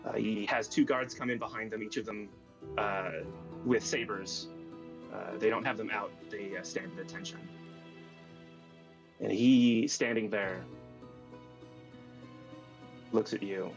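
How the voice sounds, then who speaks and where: A man's voice: lowish voice, fairly even intonation, gravelly, over music, rough recording. A man narrating as game master of a streamed tabletop game, stopping often with fillers and restarts. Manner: halting, many fillers and restarts.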